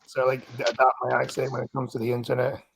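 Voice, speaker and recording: Laid-back chatty man, gravelly voice, faint hiss behind. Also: mid-range voice, monotone, fast talker, poor audio. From outside the US. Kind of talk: casual chat.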